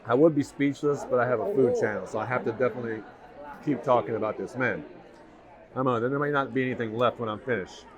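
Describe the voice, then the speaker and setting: In lo-fi sound, a man talks fast in a mid-range voice, filming a casual food review to camera at a busy restaurant. He raves about each bite as diners chatter in the background.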